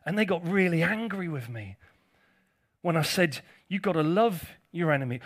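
A man's voice: fairly high pitch, expressive, moderate pace. A male pastor preaching a conversational sermon, with jokey asides to his congregation.

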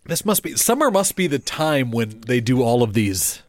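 A man's voice: mid-range voice, sing-song, moderate pace, no echo, clean studio sound. A man co-hosting a casual podcast chat. He laughs often and trails off with fillers. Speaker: podcast co-host.

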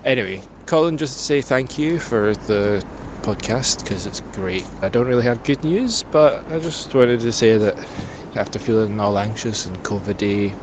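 A man's voice: on the low side, normal speed, few pauses. A man from Glasgow with a Glaswegian accent, leaving a rambling, friendly voicemail for a podcast while walking outdoors by a river. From Glasgow, Scotland. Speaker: caller. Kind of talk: voicemail message. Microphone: phone. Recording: outdoor phone message with city noise. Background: traffic and street noise.

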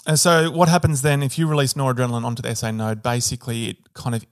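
A man's voice: mid-range voice, level tone, fast talker, no echo, studio quality. Regular guy co-hosting a science chat podcast, lots of ums and self-corrections, jokey. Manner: explains with fillers and self-corrections, joking. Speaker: podcast co-host. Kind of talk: casual educational chat.

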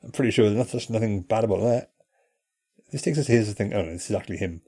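A man co-hosting a casual podcast, chatting and reading aloud haltingly, laughing often. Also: fairly low pitch, mellow, breathy edge. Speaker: podcast co-host. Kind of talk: casual chat.

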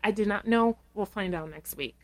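A woman co-hosting a casual podcast, recapping a reality show with lively swearing and voicing the people she quotes. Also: moderate pace. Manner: animated, acts out quoted people in shrill voices, laughs, swears. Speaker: podcast co-host.

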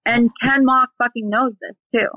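A woman in her thirties, a podcast guest, telling an animated, profane story in casual chat. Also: a little high, moderate pace, no echo. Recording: dry phone-like remote audio.

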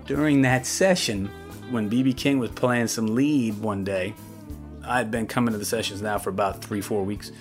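Man telling an animated studio story. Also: on the low side, moderate pace, soft background music. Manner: animated, acts out the voices of others in his anecdotes. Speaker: interviewee recounting his studio career. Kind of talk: casual storytelling.

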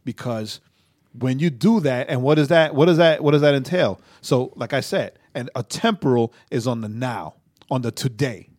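A man's voice: mid-range voice, moderate pace, a little mellow. A young man co-hosting a casual faith podcast, rambling, stammering into restarts and tagging his sentences with "right?". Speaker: podcast co-host.

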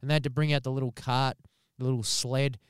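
An Australian man in his thirties with a slight cold, co-hosting a podcast and telling sweary, animated stories. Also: medium pitch, fast talker, clean tone, no room sound, clean studio sound. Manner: swears a lot, animated storytelling. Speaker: podcast co-host. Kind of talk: casual podcast banter. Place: studio.

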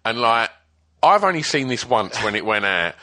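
A man's voice: on the low side, moderate pace, pushed and bright. A man casually telling a story about his band days, swearing freely and laughing as he goes. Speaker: storyteller guest, former band member. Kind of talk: casual anecdote.

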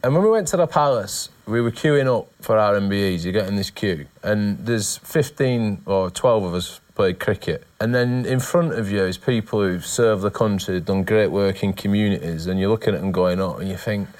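A man's voice: fairly low pitch, moderate pace, hardly any pauses, darkish tone. Northern English man telling funny stories. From north of England. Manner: self-mocking storyteller, laughs often. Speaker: guest, former cricketer. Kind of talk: casual chat.

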